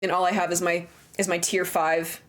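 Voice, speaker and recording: A woman's voice: on the low side, level tone, normal speed. A young woman livestreamer chatting casually with her viewers, crude, joking and playful. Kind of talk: casual stream chat.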